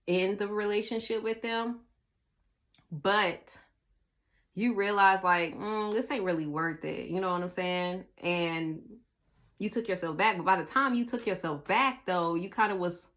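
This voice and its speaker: Blunt, animated woman doing a tarot reading. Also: mid-range voice. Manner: animated, blunt, swears freely, talks straight to the viewer. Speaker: tarot reader. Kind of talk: casual tarot reading to viewers.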